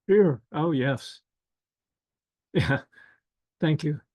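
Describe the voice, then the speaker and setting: An older man presenting an online workshop over a video call, speaking slowly and gently with many fillers and asides. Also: a little high, lively intonation, no room sound, low-quality recording. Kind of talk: casual online workshop talk.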